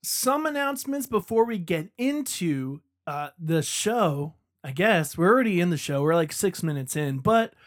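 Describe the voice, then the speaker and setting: A man's voice: sits high, animated, normal speed, few pauses. A man hosting a podcast in a chatty, rambling, enthusiastic way. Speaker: podcast host. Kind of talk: casual podcast monologue.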